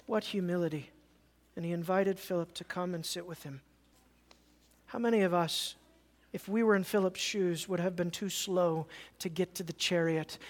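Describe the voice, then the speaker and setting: A pastor preaching a sermon with animated, dramatic swings from loud passages to hushed ones. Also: medium pitch. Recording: long hall reverb.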